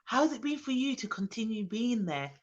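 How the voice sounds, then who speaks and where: A young woman, a nanny, chatting casually on her live stream, reading viewers' comments aloud and greeting them with excited bursts. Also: on the high side, fairly quick. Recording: dull lo-fi sound.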